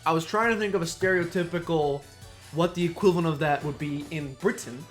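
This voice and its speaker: A man's voice: on the high side, quick pace. A man giving casual, playful commentary while playing a video game, chatting and muttering asides. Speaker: let's play streamer. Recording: faint game music behind.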